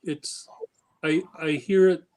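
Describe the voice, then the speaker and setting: A man hosting a casual stream chat, speaking slowly and haltingly in a flat, even tone. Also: a little high, poor audio. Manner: slow, halting, self-described monotone. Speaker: stream host.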